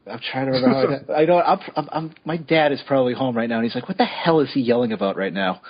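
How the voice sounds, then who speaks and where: A man co-hosting a podcast in casual chat, quick, playful and easily amused. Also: medium pitch, slightly rough. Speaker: podcast co-host. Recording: dull lo-fi podcast audio.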